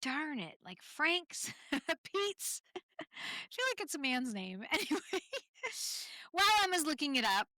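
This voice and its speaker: A chatty woman from Canada hosting her own podcast, spinning loose, laughing stories packed with ums and tangents. Her voice is bright and forward on a close mic, and the dry room adds no echo. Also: sits high, very animated, a little slow, long pauses. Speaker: podcast host. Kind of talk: solo podcast storytelling.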